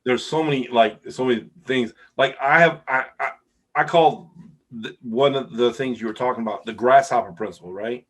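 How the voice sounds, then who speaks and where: A middle-aged man hosts a podcast, chatting casually with a guest and reacting with repeated, enthusiastic "wows." His voice is medium in pitch and moves at a normal speed.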